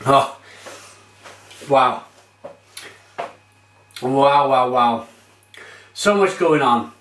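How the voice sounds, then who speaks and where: A man's voice: mid-range voice, extremely slow, fairly bright tone, echoey room, slight background noise. A man reviewing beer on his vlog, gushing and exclamatory as he describes it.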